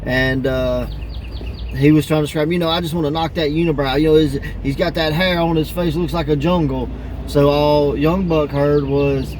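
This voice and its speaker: A man hosting a casual wrestling podcast, laughing often and acting out quoted wrestlers in higher voices. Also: steady tone, normal speed, a little mellow, a little hiss or hum. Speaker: podcast host.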